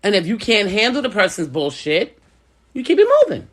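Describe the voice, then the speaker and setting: A woman's voice: mid-range voice, very animated, a little fast. A middle-aged woman and business owner giving casual advice straight to camera, blunt and emphatic, coming back to her points again and again.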